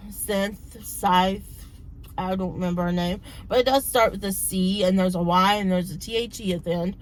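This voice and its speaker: A woman in her thirties, a book vlogger, chatting casually and retelling a plot in a rambling way, her voice a little hoarse from talking so much. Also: mid-range voice, steady tone, normal speed, a little hiss or hum, low-quality recording. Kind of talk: casual book vlog chat.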